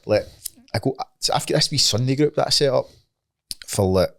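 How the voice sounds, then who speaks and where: A man's voice: medium pitch, normal speed, vocal fry, a bit bright, no room sound. A Scottish man in his late thirties, a fighter guest on a podcast, chatting casually, swearing freely and often asking "you know what I mean". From Scotland. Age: 30s.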